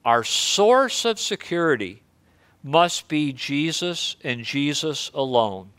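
A man's voice: a little high, expressive, takes it slowly, a bit bright, smooth, dry recording. A man preaching a sermon in a conversational, earnest way, reading scripture and explaining it. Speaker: pastor.

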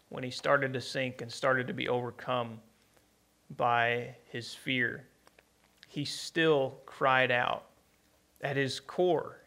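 A man preaching a conversational sermon, plainspoken and unhurried, with many pauses and restarts. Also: medium pitch, creaky, bright, forceful tone.

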